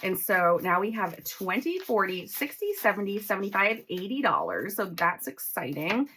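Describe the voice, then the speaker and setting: A woman in her forties talking casually while counting cash into envelopes, chatty and excitable. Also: medium pitch, normal speed, a little hiss or hum. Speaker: budgeting vlogger.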